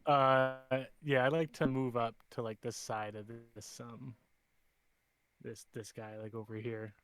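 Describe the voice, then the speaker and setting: A man playing a tabletop game, talking casually and haltingly, often repeating his words. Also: medium pitch, flat delivery, fairly bright tone, a little hiss or hum. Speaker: player.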